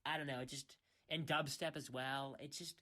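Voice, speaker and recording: A man's voice: medium pitch, fairly even intonation, moderate pace, bright, forceful tone. A young man who streams, ranting casually in a rambling way. He restarts his sentences often and keeps saying "freaking". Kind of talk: casual rant.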